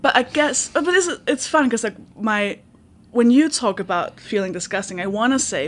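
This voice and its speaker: A podcast host in her thirties tells a candid personal story in casual chat, acting out the people involved with quoted dialogue. Her slightly high voice has lively intonation, a moderate pace and a fairly bright tone.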